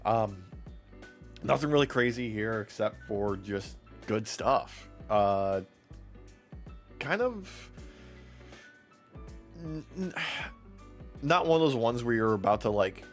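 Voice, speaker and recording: A man's voice: lowish voice, lively intonation, takes it slowly, pauses often, faint music behind. Profane, laughing podcast host man. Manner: profane, laughing, acts out quotes in voices. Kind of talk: casual wrestling recap chat.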